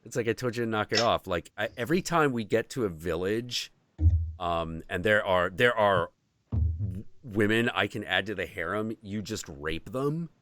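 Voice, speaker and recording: A man hosting a podcast, telling a story in casual chat, animated and swearing freely. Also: fairly low pitch, a little slow, soft background music. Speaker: podcast host.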